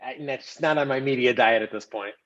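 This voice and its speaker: A man's voice: mid-range voice, brisk, fairly bright tone, highs cut off. A man co-hosting a casual livestream, eager and agreeable, talking with fillers. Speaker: co-host.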